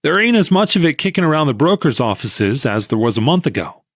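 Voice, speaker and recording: A man voicing an excitable, pushy male stock tipster in an audiobook, pressing his point insistently. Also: fairly high pitch, fairly quick, no echo, clean studio sound, full character voice.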